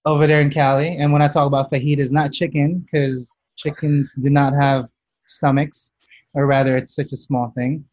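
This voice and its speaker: A man's voice: on the high side, flat delivery, normal speed, darkish tone, no echo, dull audio. A man hosting a casual food podcast as a chef, chatty and self-mocking, restarting his sentences often. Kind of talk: casual chat.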